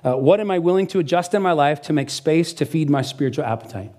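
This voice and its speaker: A middle-aged man preaching a sermon as pastor, telling stories in a lively conversational way with frequent restarts. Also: a little high, quick pace.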